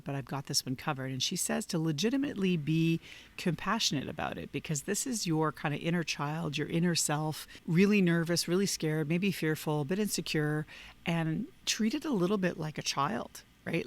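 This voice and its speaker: Man, vlog host, earnest, encouraging, casual talk, a touch high-pitched. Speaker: leadership coach and channel host. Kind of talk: casual talking-head book review.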